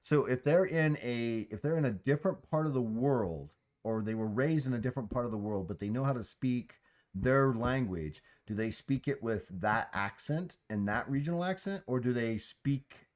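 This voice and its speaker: A man's voice: mid-range voice, lively intonation, moderate pace. A man hosting a casual chat, musing aloud with a rambling, restarting way of talking. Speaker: host.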